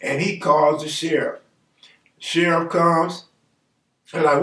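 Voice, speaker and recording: A man with a fairly high voice tells true stories in a loose, slangy way and acts out the voices of the people in them. He sounds a little away from the mic. The room adds a noticeable echo. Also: steady tone, slow pace, fairly bright tone. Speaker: storyteller host. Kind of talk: casual true-story telling. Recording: roomy, distant mic.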